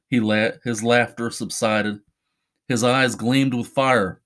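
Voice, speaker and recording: A man, a podcast host, reading a horror short story aloud in a measured, deliberate way. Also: lowish voice, fairly even intonation, fairly bright tone.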